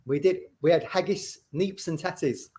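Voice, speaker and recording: A man's voice: on the high side, moderate pace, a little hiss or hum. A man joining a fan podcast as a contributor, chatting casually in a jokey way with easy laughs. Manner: jokey, animated, laughs easily. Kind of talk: casual chat.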